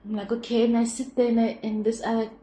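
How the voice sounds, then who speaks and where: A young woman hosting her own show, telling personal stories in a rambling, expressive, reflective way. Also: a little high, fast. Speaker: podcast host. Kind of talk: personal storytelling monologue. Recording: echoey room with faint background hum.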